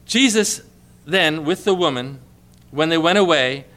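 A man preaching a sermon, emphatic, repeating key phrases and dropping to a hush for quoted lines. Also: fairly high pitch, expressive, measured pace.

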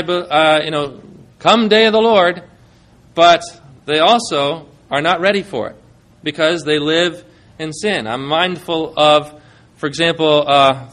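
A man's voice: on the high side, a bit bright. A male pastor preaching a sermon, reading scripture aloud and putting questions to his congregation, with dramatic rises and drops in his delivery.

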